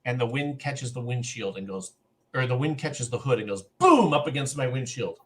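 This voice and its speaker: Here a middle-aged man on a podcast, one of its co-hosts, relates a lengthy story from his own life and performs the other characters' dialogue himself. His mid-range voice is very animated, and he moves at a normal pace.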